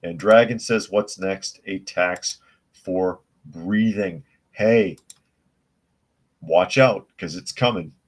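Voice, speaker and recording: A man's voice: low voice, takes it slowly. A man hosting a live news podcast, reading articles and chat comments aloud and answering them with blunt, scoffing opinions. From United States.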